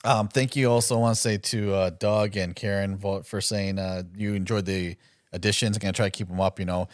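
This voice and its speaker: A man's voice: on the low side, fairly even intonation, a little fast, dry recording, clean studio sound. A man co-hosting a casual podcast livestream, chatting playfully and laughing often. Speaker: podcast co-host.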